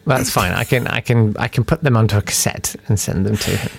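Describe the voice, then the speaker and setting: A man's voice: lowish voice, fairly quick, vocal fry, breathy edge. A man hosting a podcast, chatting casually in a jokey, rambling way. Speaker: podcast host. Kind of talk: casual chat.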